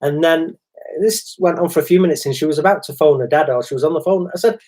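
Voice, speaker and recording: Brief: middle-aged man, chatty co-host, animated storyteller who slips into others' voices. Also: fairly high pitch, quick pace. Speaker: podcast co-host. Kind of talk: casual chat.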